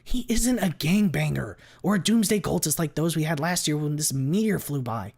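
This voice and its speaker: A man voicing a furious male creature who shouts in outrage, with a husky voice, while reading a story aloud. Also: medium pitch, normal speed, full character voice.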